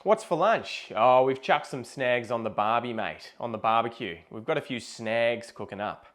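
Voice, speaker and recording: A man's voice: mid-range voice, normal speed, a bit bright. A man with an Australian accent teaching everyday slang, laid-back and acting out little scenes. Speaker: guest English teacher. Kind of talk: casual teaching with acted examples.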